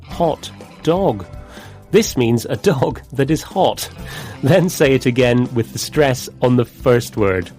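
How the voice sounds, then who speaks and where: A man co-presenting an English vocabulary lesson, explaining words in clear, measured scripted dialogue with a close studio mic. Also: mid-range voice, a little mellow, faint music behind.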